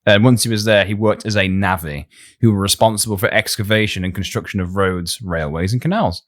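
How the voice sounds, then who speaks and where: A man's voice: fairly low pitch, fairly quick. A man hosting a casual comedy history podcast, reading out his research with frequent laughs and a slightly wheezy cough. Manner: narrates from notes, laughing often. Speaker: podcast host.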